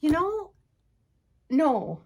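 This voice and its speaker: A woman's voice: sits high, big pitch swings, drawn-out words. Woman, Minnesota accent, enthusiastic casual co-host of a craft chat show. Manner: chatty and enthusiastic, gushing. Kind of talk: casual chat about cross-stitch.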